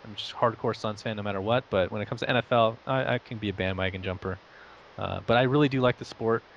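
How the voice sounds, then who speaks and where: A man's voice: fairly low pitch, fast talker, muffled recording, slight background noise. Rambling, self-mocking young man. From Saudi Arabia and the United States. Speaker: interview guest, esports caster. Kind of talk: casual interview chat.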